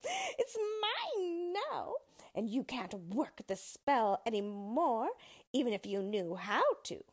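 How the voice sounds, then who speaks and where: A shrill, spiteful wicked witch from a storybook, put on by a woman reading aloud. She hisses and drags out her words slowly, the voice swooping high and wild. There is a breathy edge to her. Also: huge pitch swings, heavily acted. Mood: gloating. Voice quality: shrill, hissing.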